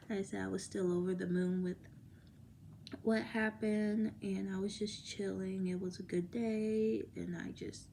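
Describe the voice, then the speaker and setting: A woman's voice: mid-range voice, vocal fry, mellow, slight background noise. A woman talking casually to her viewers in a rambling vlog, laughing often and sometimes dropping to a whisper. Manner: drops to a whisper at times. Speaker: vlogger. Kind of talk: casual chat to camera.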